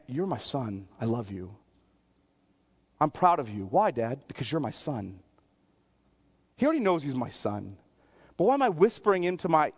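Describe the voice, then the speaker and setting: A man preaching a sermon as a pastor, earnest, sometimes dropping to a soft near-whisper and sometimes pleading. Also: high voice.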